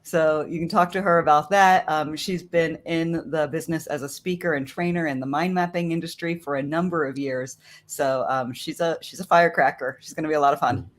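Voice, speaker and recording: A woman's voice: low voice, steady tone, brisk, few pauses. A woman in a casual live-stream chat, introducing an upcoming guest in a friendly, informative way.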